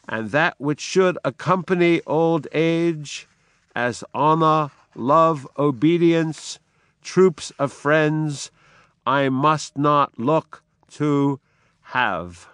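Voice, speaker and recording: A man voicing a defiant, doomed tyrant king, reciting his lines slowly in a raised declamatory voice. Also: medium pitch, a bit bright, clear, resonant tone, no echo, studio quality, pitched above the performer's own voice.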